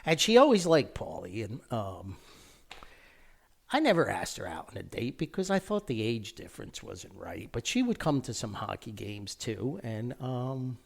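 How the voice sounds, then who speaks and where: A man's voice: lowish voice, moderate pace, vocal fry. A middle-aged man with a New Jersey accent, telling a personal story in a rambling, folksy way as a podcast host. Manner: rambling, folksy, animated with lively quoted voices. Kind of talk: casual spoken storytelling.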